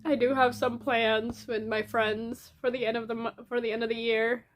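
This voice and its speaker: A young woman talking to her camera in a casual diary vlog while crying, rambling in halting phrases with many restarts. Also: a little high, level tone, a little hiss or hum. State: tearful, crying. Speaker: vlogger. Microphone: camera in front of her.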